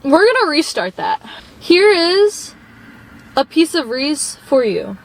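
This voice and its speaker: A young woman with a noticeably high voice talks to her phone camera in a casual motivational vlog. She is earnest and encouraging throughout and calls her viewers babe, like a supportive friend. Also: sing-song, slow, rough recording. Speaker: vlogger. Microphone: phone propped up.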